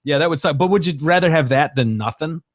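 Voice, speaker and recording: A man's voice: on the high side, fast talker, no room sound. Joking male podcast host, dry sound. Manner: joking, laughs often, loose fillers. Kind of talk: casual podcast banter.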